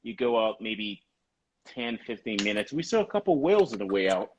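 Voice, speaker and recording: Low-voiced man chatting casually. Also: a little fast, dull audio, slight background noise. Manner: animated storyteller, laughs easily. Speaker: podcast host. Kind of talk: casual chat.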